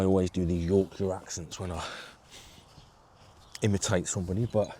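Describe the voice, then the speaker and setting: A man with a low, warm voice and fairly even intonation speaks at a moderate pace, with a little hiss or hum on the recording. He's an angling vlogger setting up a fishing shelter in his garden, casually narrating each step to a handheld video camera he holds in one hand.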